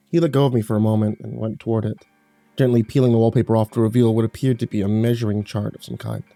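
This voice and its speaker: Dark-voiced male horror narrator. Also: medium pitch, dry recording. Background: faint music.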